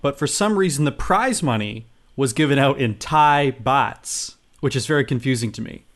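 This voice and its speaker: A man's voice: medium pitch, lively intonation, normal speed, a bit bright. Easygoing man co-hosting a podcast. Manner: easygoing, chuckling. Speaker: podcast co-host. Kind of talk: casual comedic chat.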